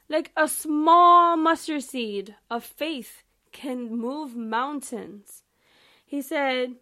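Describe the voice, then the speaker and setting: A young woman hosting a podcast, reading the Bible aloud and commenting on it in a casual, emphatic, chatty way, talking straight to her listeners. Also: sits high. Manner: animated, emphatic and chatty, addressing listeners directly. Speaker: podcast host.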